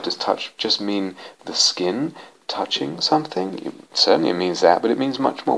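A meditation teacher gives a dharma talk to a retreat group in a retreat center's meditation hall, searching for words, repeating key words and often restarting sentences. His mid-range voice is expressive, creaky and a bit bright, at a normal speed. The recording is rough, with slight background noise.

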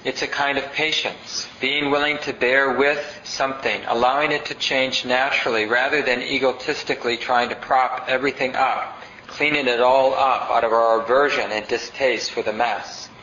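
A man's voice: mid-range voice, steady tone, normal speed, few pauses, bright, forceful tone, slight background noise. A male meditation teacher giving a conversational dharma talk. He reads passages aloud and asks the audience questions. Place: meditation center hall. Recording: roomy, dull lo-fi sound.

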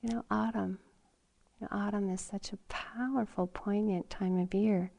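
A woman meditation teacher giving a gentle, reflective dharma talk at a retreat center, sometimes laughing softly or dropping to a whisper. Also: medium pitch, steady tone, normal speed, gravelly.

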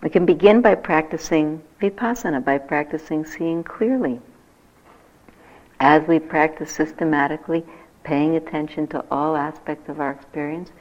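An older woman, a meditation teacher, giving a gentle, reflective dharma talk that turns lively when she tells stories. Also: low-pitched. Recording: dull lo-fi talk recording.

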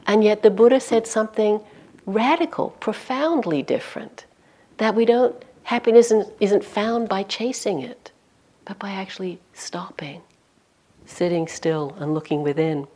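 A woman's voice: mid-range voice, animated, normal speed, mellow. Woman giving a chatty dharma talk. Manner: conversational, lots of "you know", drops to near whisper on key points. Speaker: meditation teacher. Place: meditation retreat center hall.

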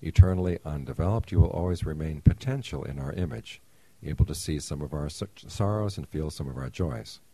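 A genial creator god from a spoken fable booms out his pronouncements in a very deep, dark, husky voice, as a man reads him aloud. The sound is close and dry. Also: animated, brisk, dry recording, rough recording. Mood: benevolent.

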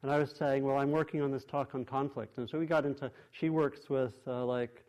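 A man giving a dharma talk in a meditation hall, speaking at a middle pitch. He talks thoughtfully and gently, often pausing and restarting his phrases as he reaches for the right words. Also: level tone. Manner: thoughtful, many restarts and pauses. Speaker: meditation teacher.

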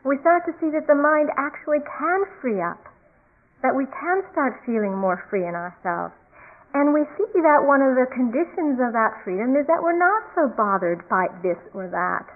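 Woman giving a calm dharma talk. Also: high-pitched, moderate pace. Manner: calm, reflective, repeats key phrases. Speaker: meditation teacher. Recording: tinny phone-like recording.

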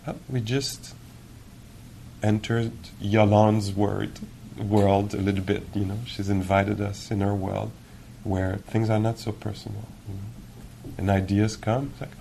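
A man giving a meditation teacher's dharma talk in a gentle, reflective, musing way, with many pauses. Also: lowish voice, flat delivery, vocal fry, a little hiss or hum. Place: retreat hall.

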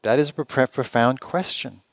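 A man teaching meditation at a retreat, talking conversationally and asking rhetorical questions with gentle humor. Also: medium pitch, normal speed, no room sound. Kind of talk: retreat dharma talk.

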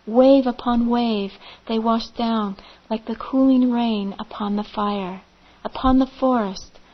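A woman meditation teacher telling a parable gently, in measured phrases with vivid pauses. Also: fairly high pitch, lo-fi sound. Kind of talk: slow storytelling of a parable.

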